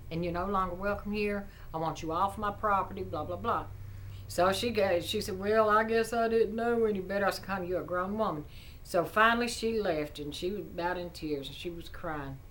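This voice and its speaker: Middle-aged woman vlogger, indignant chatty rant, bright edge to her voice. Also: lowish voice, a little hiss or hum, poor audio. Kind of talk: casual storytelling rant.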